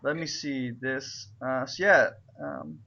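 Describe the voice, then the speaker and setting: A man's voice: mid-range voice, slow, creaky, highs cut off, a loud crowd. A man running a tabletop game as game master, rambling with filler words and frequent laughter.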